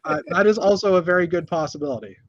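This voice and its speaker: A man's voice: sits high, fast, highs cut off, slight background noise. A man hosting a casual news chat from a hotel room, rambling with many fillers and restarts. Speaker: host.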